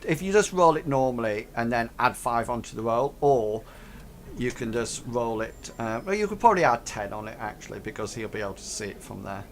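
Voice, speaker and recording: A man running a tabletop game as game master, talking haltingly with many ums and restarts. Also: medium pitch, slight background noise.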